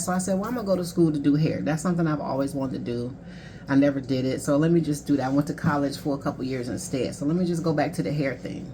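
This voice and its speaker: There's slight background noise as a life coach in her thirties tells a painful personal story. Her voice sits low, and her manner is candid, conversational and emotional, with quotes from other people.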